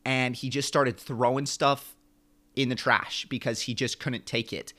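A young man co-hosting a podcast, telling a long story in an animated, rambling way. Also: medium pitch, a little slow. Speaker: podcast co-host. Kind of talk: casual chat.

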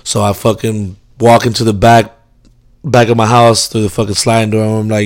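A man's voice: fairly low pitch, level tone, brisk. Rambling, swearing young man telling a story. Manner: rambling, heavy swearing, lots of fillers; laid-back, amused. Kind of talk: casual storytelling.

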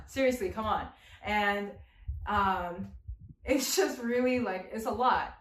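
This youth preacher takes it slowly, her mid-range voice carrying through an echoey room. Her sermon is loose and full of slang, with jokes and lively asides aimed straight at the audience.

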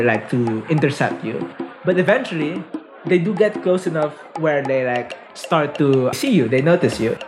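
Casual male game master over music. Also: medium pitch. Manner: casual, rambling, lots of fillers. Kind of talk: narrating a tabletop game. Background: background music.

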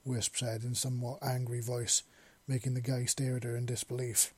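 A man narrating a story in a steady storytelling manner. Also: medium pitch, normal speed, husky, no echo. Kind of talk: audiobook narration of fan fiction.

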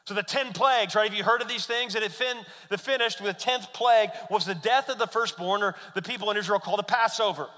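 A man, a pastor, preaching a sermon as an animated storyteller who asks his congregation questions. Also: sits high, fast talker, few pauses, in a large hall.

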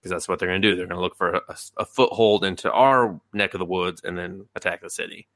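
A man co-hosting a podcast, recapping a show in loose, profane chat and jumping into quick voices for the characters. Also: low-pitched, fairly even intonation, fairly bright tone, dry recording, studio quality. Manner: profane, rambling, acts out quotes in sudden voices. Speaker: podcast co-host. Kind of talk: casual anime recap chat.

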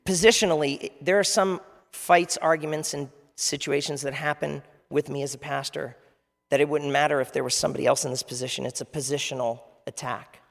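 A man's voice: on the high side, fairly even intonation, a little fast, vocal fry, a bit bright. A man preaching a conversational sermon as pastor, asking the audience questions. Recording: long reverb of a large hall.

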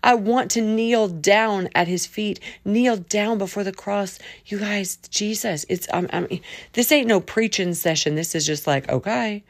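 A woman's voice: mid-range voice, unhurried, dry recording. A woman hosting a casual faith podcast, talking in a chatty, colloquial way that jumps between topics. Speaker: podcast host.

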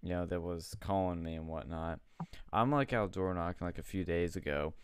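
A man's voice: low voice, normal speed, clear, resonant tone. A young man hosting a casual chat show, telling a story with lots of swearing and laughter.

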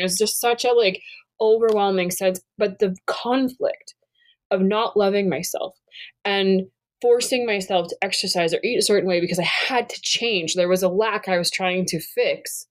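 A woman in her thirties co-hosts a podcast, chatting casually, candidly and with plenty of energy while swearing freely. Her voice sits in the mid range and moves at normal speed.

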